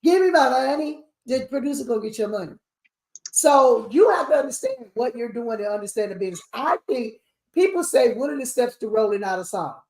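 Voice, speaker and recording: A woman, an award show CEO talking shop in a lively, preachy way. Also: a little high, a little fast. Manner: animated, preachy, sings snippets. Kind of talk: casual panel chat. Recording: echoey room.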